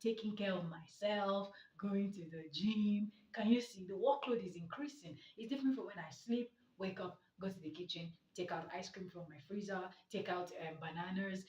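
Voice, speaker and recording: A woman's voice: medium pitch, normal speed, hardly any pauses, darkish tone. A woman giving a motivational talk as a therapist, emphatic and rhetorical with mocking asides. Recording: echoey, distant, dull sound.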